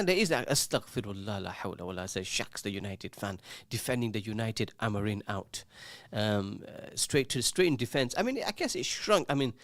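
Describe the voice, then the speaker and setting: Male radio host, joshing and chatty, dry close studio sound, mid pitch. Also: dry recording. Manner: jokey, teasing, reads out listener messages. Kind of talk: casual call-in radio chat.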